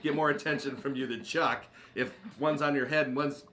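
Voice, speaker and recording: A man's voice: fairly high pitch, fairly even intonation, a little fast, sharp tone. A man in his fifties from Michigan, co-hosting and teasing with jokes and laughter. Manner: joking, teasing, laughs often. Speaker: co-host. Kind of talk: casual chat.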